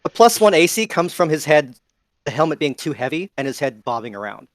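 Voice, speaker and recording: A man's voice: very animated, fairly quick, no room sound. A man playing a tabletop game, joking playfully about his goblin character. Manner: playful, laughs, pitches jokes for his goblin. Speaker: player.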